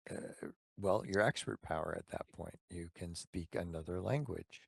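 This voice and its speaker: A man co-hosting a podcast, answering slowly and hesitantly in casual chat. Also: sits low, vocal fry, husky, no echo. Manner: unhurried, hesitant, with fillers. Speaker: podcast co-host.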